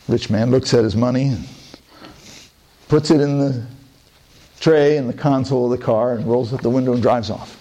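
A man telling parable-like stories in a relaxed, conversational way, then reflecting on them. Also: mid-range voice, normal speed, pauses often. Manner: relaxed, conversational storytelling with asides. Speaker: speaker. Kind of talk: storytelling talk.

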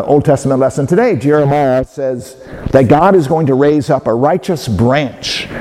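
A man giving a sermon as a pastor, speaking in a measured way with hesitant fillers and restarts. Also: medium pitch, warm tone. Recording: long hall reverb.

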